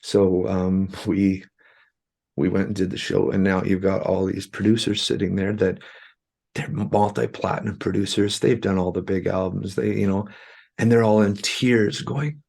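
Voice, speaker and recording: A man from Canada with a low, gravelly, husky voice, telling stories as an interview guest. He talks in an animated way and acts out other people's lines as he goes. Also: moderate pace. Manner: animated, acts out quoted dialogue. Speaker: musician guest. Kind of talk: storytelling interview talk.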